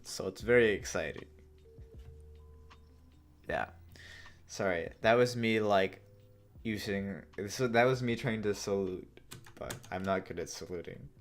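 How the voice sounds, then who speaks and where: A man's voice: fairly low pitch, measured pace, long pauses. A man live-streaming as he codes, rambling and joking as he thinks aloud. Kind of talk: casual live-coding stream.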